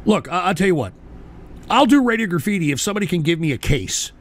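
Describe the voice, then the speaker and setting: A man hosting a live call-in stream, ranting belligerently at his chat and bursting into shouts, talking into a desk microphone. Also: high voice, very animated, quick pace, a little hiss or hum. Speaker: call-in show host. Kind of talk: profane live-stream rant.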